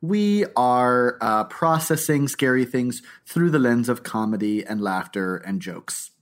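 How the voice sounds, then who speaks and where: Male comedy podcast co-host, lively up-and-down delivery, quick to laugh. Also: mid-range voice. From New Hampshire or Florida. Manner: chatty, laughs often, animated storytelling. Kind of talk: casual comedic chat.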